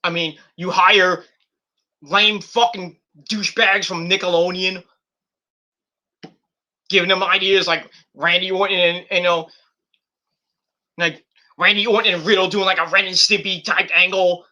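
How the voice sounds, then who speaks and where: A man's voice: sits high, steady tone, a little slow, long pauses, sharp tone. A middle-aged man hosting a livestream, ranting casually and profanely with sarcastic mock quotes. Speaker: streamer host.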